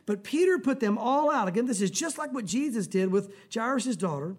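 A man preaching a conversational sermon, acting out prayers and voices with sudden shouts. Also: very high-pitched, animated, brisk. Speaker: pastor.

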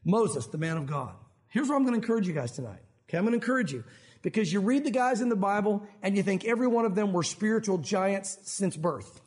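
A man pastor delivers a lively sermon, his voice sitting high for a man. He acts out the people in the scripture as he preaches to his church. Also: quick pace. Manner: animated, acts out quotes from scripture.

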